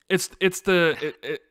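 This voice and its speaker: A man with a Chicago accent chatting casually as a podcast co-host. His voice is smooth and resonant, with a dry, close sound. He rambles and reads viewer questions aloud. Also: a little high, fairly bright tone, no echo. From Chicago, USA.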